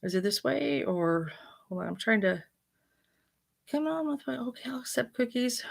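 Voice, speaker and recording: A woman's voice: sits high, lively intonation, moderate pace, vocal fry, fairly bright tone. A woman hosting a casual livestream, talking bluntly and profanely in a rambling way, often restarting her sentences. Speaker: intuitive reader hosting a livestream. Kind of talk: casual unscripted livestream chat.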